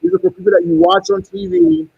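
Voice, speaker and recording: A man reading tarot and pitching paid rituals in a salesy way, often repeating "okay" and "you guys.". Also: very animated, quick pace, gravelly, no echo, narrow, tinny audio. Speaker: tarot reader and spell seller.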